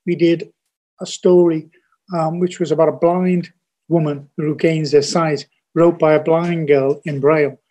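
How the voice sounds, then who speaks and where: An older man with a Scouse accent speaks as a guest on a podcast interview. His voice sits somewhat high for a man. He comes across as blunt, earnest and folksy. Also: darkish tone. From Liverpool, England. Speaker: TV producer guest.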